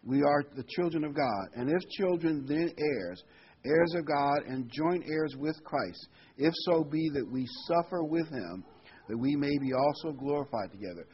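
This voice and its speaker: A man's voice: on the high side, lively intonation, moderate pace, slightly rough. A man preaching a sermon, reading scripture aloud and explaining it in a conversational way, chuckling now and then. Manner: conversational, chuckles between points, reads verses aloud. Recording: dull, slightly muffled recording.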